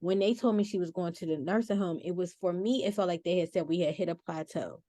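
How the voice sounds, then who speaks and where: Low-voiced woman telling a personal story. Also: fast, dry recording. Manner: expressive, with frequent restarts and self-corrections. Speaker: podcast guest and family caregiver. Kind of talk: casual conversational storytelling.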